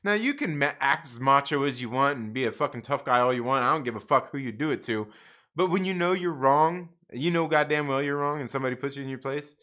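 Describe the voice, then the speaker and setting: A man's voice: medium pitch, animated, fast, sharp tone. A man hosting a live stream, telling a rambling, profane story with lots of restarts and laughter. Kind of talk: casual storytelling monologue.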